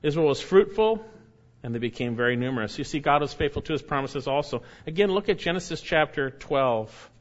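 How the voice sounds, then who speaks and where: A man preaching an expository sermon, reading scripture slowly and repeating key phrases for emphasis. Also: a little high, animated, lo-fi sound. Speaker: pastor.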